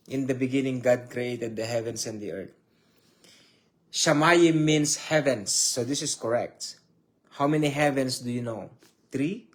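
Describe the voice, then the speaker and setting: A man teaching an online Bible study, speaking with slow emotion and reading scripture with drawn-out emphasis. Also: medium pitch.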